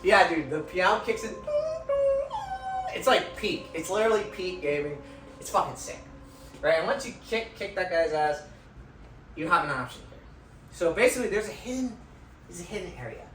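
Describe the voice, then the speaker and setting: A young man giving an informal lecture in a hall, excited and swearing a lot, tagging his sentences with "right?", recorded on a phone from far off. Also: high voice, moderate pace, long pauses. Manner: excited, swears constantly, tags lines with "right?". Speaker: student presenter. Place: lecture room, indoors. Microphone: phone from afar. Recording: roomy phone recording from far off, faint music.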